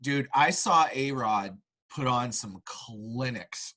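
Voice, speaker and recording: This is a man with a mid-range voice and a slow pace, hosting a casual sports show and drifting through animated tales stuffed with fillers. The sound is poor.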